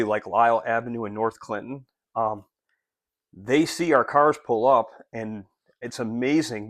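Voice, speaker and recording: Earnest man giving a casual ministry update, low-pitched and halting, dry sound. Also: no echo. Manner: earnest, rambling with many fillers and restarts. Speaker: street outreach ministry leader. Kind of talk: casual spoken update to supporters. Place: Rochester area.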